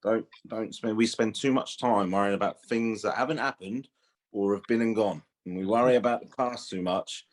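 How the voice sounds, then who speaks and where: A man hosts a podcast over a video call, his voice sitting on the low side. He answers his guest in an encouraging, reflective way. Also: moderate pace. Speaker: podcast host.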